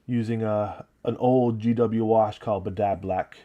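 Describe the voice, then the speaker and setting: Stream host, male, upstate New York accent, low easygoing voice, rambles between tasks. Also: measured pace, dull audio. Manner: relaxed, rambling, talking while working and reading chat. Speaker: livestream host painting miniatures. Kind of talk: casual livestream chat.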